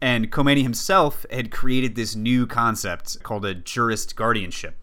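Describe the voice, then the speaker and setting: Bright-voiced man explaining politics. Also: mid-range voice, moderate pace. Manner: explanatory, many restarts and fillers. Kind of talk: casual political discussion.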